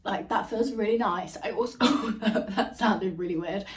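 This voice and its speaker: A woman's voice: medium pitch, measured pace. A young woman chatting casually in a beauty vlog from her bed, giggly and full of "like". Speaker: beauty vlogger. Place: bedroom, in bed.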